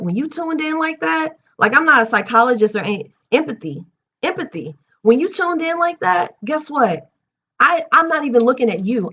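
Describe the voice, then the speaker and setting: A young woman hosting a live reading stream, reading a book aloud and breaking off into candid, animated personal asides. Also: on the high side, dull audio. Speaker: host reading books aloud on a livestream. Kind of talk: reading aloud and casual chat.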